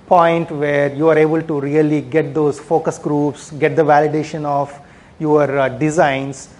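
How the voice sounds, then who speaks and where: This man's fairly high, slightly mellow voice moves little in pitch and runs a bit slow. Presenting on product management at a conference, he speaks conversationally, with plenty of fillers and a habit of ending points with "right?"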